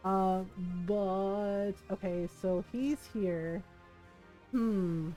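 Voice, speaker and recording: A woman's voice: medium pitch, very slow, mellow, faint music behind. A woman streamer casually telling a family story while gaming, laughing often and acting out her relatives. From Filipino family. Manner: chatty, laughs often, quotes family in voices.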